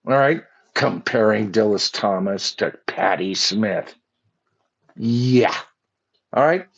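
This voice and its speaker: A man's voice: fairly low pitch, slow, gravelly, husky, lo-fi sound. An older man hosting a commentary show, speaking in a sarcastic, mocking way and reading lyrics aloud to pick them apart. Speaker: host. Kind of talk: opinionated commentary.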